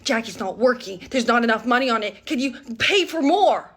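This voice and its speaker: A woman voicing a whiny, bratty little boy throwing a tantrum, with high-pitched wailing and shouting. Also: steady tone, fast.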